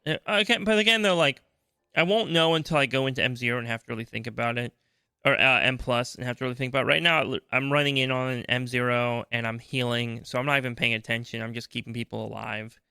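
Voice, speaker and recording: A man's voice: mid-range voice, fairly even intonation, fast, vocal fry, bright, forceful tone, clear, resonant tone, dry recording, studio quality. A man co-hosting a casual gaming podcast, rambling and restarting, sleepy this early morning. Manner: rambling, restarts often, slips into quoted reactions. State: sleepy, yawning. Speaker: podcast co-host.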